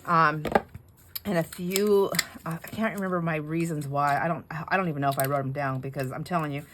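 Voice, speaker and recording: A woman's voice: low-pitched, steady tone, a little fast, fairly bright tone, a little hiss or hum. A middle-aged woman hosting a craft video, chatting in a rambling, digressive way while she cuts board, often breaking off mid-sentence and laughing. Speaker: craft channel host.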